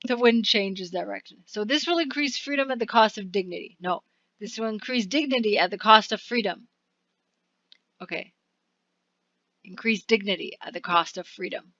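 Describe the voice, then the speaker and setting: A woman hosting a let's play, reading the game's text aloud slowly and muttering asides about her choices. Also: medium pitch, a bit bright, no room sound, muffled recording. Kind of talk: game commentary reading on-screen text aloud.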